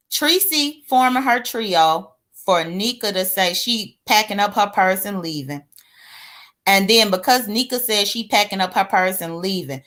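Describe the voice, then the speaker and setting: Sassy woman vlogger dishing gossip, fairly high voice, unhurried. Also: bright, forceful tone. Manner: sassy, exclamatory, chatty, addresses viewers as y'all. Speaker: online drama commentator. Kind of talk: casual gossip commentary to viewers.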